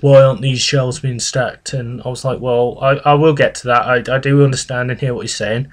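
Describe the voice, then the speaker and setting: A young man, telling his own experiences in a vlog in an earnest, halting way, full of "you know" and "sort of". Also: mid-range voice, fairly bright tone. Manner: earnest and reflective. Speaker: vlogger. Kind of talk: personal confessional vlog.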